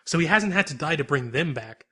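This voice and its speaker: A man co-hosting a podcast, recapping an episode in a lively, rambling, casual chat. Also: a little high, fairly quick, breathy edge. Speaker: podcast co-host.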